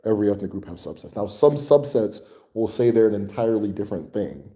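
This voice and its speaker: A man's voice: on the low side, lively intonation, brisk, mellow. A man hosting a casual livestream Q&A, answering viewer questions in a loose, rambling way, swearing and chuckling often.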